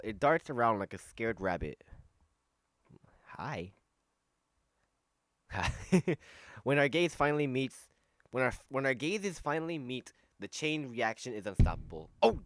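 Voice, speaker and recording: A man's voice: medium pitch, dry recording, studio quality. A man reading a visual novel aloud and commenting as he plays, self-mocking and often restarting lines. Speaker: let's play host. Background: game music.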